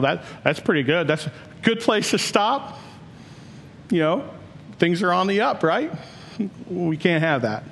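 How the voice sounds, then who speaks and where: A man preaching a sermon as pastor, earnest and building to emphatic questions. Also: fairly high pitch.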